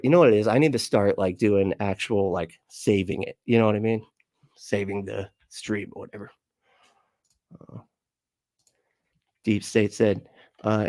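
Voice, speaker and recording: A man's voice: lowish voice, a little mellow, dry recording, clean studio sound. A man hosting a livestream and reading out his chat, rambling and laughing often as he swears casually.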